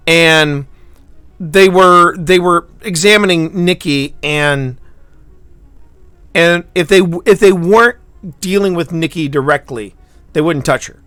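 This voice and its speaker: A man hosting a live stream, chatting casually and telling a rambling story with halting restarts, swinging from loud to hushed. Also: on the high side, smooth, no room sound. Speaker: livestream host.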